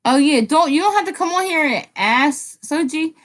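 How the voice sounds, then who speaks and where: A chatty woman hosting a casual live stream, talking straight to viewers in the chat and often jumping up in pitch when excited. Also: moderate pace.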